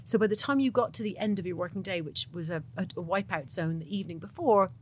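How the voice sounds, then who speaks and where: A woman's voice: fairly low pitch, quick pace, slight background noise. A woman TV presenter chatting casually, reminiscing about silly jobs. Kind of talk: casual chat.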